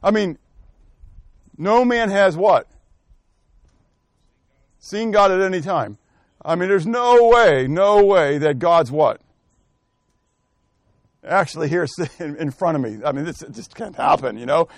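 His fairly high voice is animated and unhurried, broken by frequent pauses, as he teaches scripture interactively, calling on students by name, quizzing them, thinking out loud and correcting himself. Clean studio sound with no room sound.

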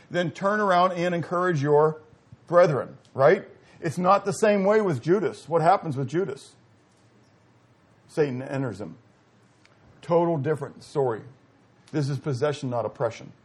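A middle-aged man preaching a sermon, swinging between loud exclamations and quiet asides and putting questions to his listeners. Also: a little high, slightly rough. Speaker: pastor.

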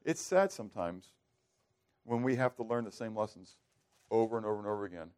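A man's voice: lowish voice, lively intonation, brisk, darkish tone. A male pastor preaching a sermon, asking his listeners questions and acting out the prayers he quotes. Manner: asks the congregation questions and acts out quoted prayers.

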